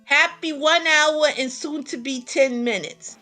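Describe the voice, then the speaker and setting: A woman with a New York accent casually commentating a video game tournament, excitable and quick to laugh. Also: high-pitched, soft background music.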